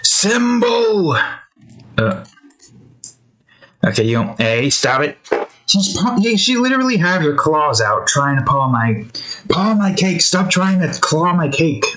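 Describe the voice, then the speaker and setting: A man's voice: fairly high pitch, very animated, moderate pace, bright, forceful tone, rough recording. A young man rambling casually to camera while drawing, drifting between topics and scolding his cat. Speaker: art vlogger.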